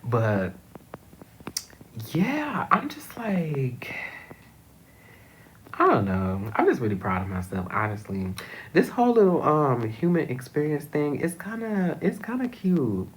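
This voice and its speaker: A young man chatting casually to camera as a vlogger, expressive, swinging high and loud, and at times dropping to a soft whisper. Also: slow, long pauses, a little hiss or hum.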